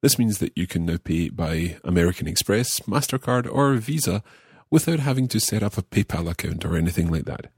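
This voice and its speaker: A man hosting a language lesson podcast, speaking in a clear, friendly teacherly way. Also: deep voice, animated, a little fast, darkish tone, dry recording, clean studio sound. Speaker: language course host.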